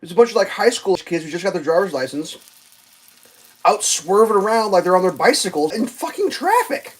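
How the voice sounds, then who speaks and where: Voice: medium pitch, brisk, husky. A live streamer telling traffic stories in a rambling, profane rant, full of "like" and acted-out outbursts. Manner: profane, ranting, heavy use of "like"; animated, acts out other drivers in loud bursts.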